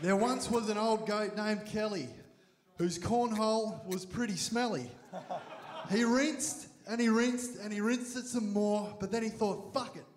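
An audience member at a live show, loud and cheeky, half-shouting a crude limerick. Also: male voice, high voice, unhurried. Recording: echoey room with crowd noise.

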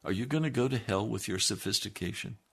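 A man's voice: lowish voice, quick pace, vocal fry, slightly rough. A male preacher telling a first-person story and exhorting his listeners earnestly.

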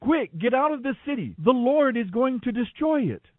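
A man's voice: very high voice, big pitch swings, normal speed, dry recording, narrow, tinny audio, voice pushed up. A man reading scripture, voicing a desperate old man who begs and pleads urgently. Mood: pleading. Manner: begging, urgent.

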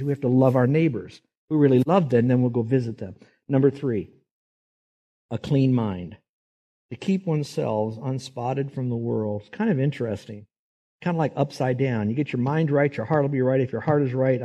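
Male pastor, emphatic sermon delivery, mid-pitched voice, slightly off-mic at times. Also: mellow. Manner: emphatic preaching, voices quoted figures with rising pitch.

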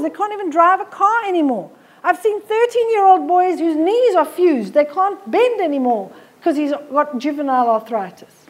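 Blunt high-voiced woman. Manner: blunt, forthright. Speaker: health talk presenter. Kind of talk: live talk to an audience. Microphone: handheld microphone.

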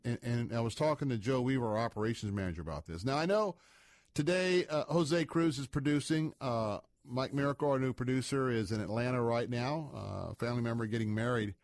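A man's voice: medium pitch, no echo, clean studio sound. A middle-aged man hosting a talk radio show, rambling in a folksy manner with many filler sounds.

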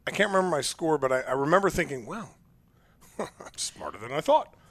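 Lively chatty male radio host. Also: fairly high pitch, brisk. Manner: chatty, opinionated, stumbles and repeats words. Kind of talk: casual morning radio banter.

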